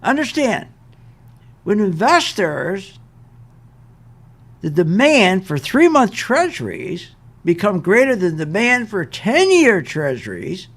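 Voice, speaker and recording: With a high voice whose pitch swoops wildly, an older man rants on his investment show, speaking slowly with long pauses. He is exasperated and emphatic, repeating himself to hammer his points.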